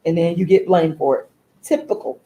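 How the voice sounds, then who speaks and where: A woman, hosting a live stream and venting in a deliberate, emphatic way, repeating herself. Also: medium pitch, mellow, rough recording. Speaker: livestream host.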